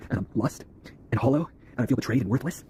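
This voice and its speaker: A man ranting fast to camera in an intense, swearing, preachy way. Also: medium pitch, lively intonation, warm tone, a little hiss or hum. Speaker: online video creator.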